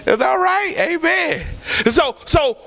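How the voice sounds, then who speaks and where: A very high-pitched man preaching from the pulpit, his voice leaping up and down with lively, animated swings. The tone is bright and sharp, and he moves from shouted declarations to softer, colloquial asides aimed at the people in the pews. It is a fervent church sermon. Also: slow. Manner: colloquial, calls out to the congregation. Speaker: pastor.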